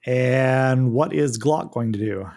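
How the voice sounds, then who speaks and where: A man's voice: medium pitch, slow, gravelly, a little mellow. A man running a tabletop game as game master, patiently walking the players through rules and turns. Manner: patient, explains rules step by step.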